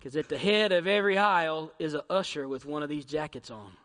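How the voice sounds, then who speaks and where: A pastor's fairly high, fairly quick voice fills a large church hall as he delivers his sermon in the sanctuary. He is dramatic, swinging between shouting and near-whispers and hurling rhetorical questions at the congregation.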